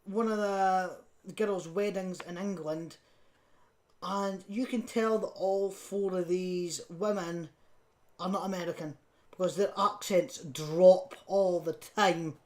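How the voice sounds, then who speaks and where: A woman's voice: on the low side, steady tone, slow pace, darkish tone. A woman co-hosting a podcast in casual film review chat, blunt and scathing, laughing often and swearing casually. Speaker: podcast co-host.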